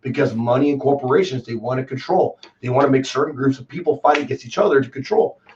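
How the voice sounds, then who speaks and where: Fast-talking Texan man on a lo-fi call. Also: medium pitch, a little hiss or hum. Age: 20s. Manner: rambling and excitable, full of "dude" and "man". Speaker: guest. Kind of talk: casual chat. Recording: distant, dull lo-fi call audio.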